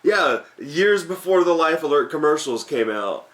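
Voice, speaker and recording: A man's voice: a little high, animated, unhurried, fairly bright tone. A man co-hosting a casual movie-review chat, laid-back and agreeable, swearing casually. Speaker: co-host.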